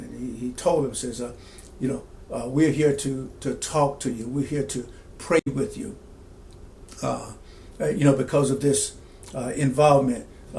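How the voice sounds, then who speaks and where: A middle-aged man, a pastor, telling a personal story slowly and reflectively, with many fillers and restarts. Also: mid-range voice, darkish tone, a little hiss or hum.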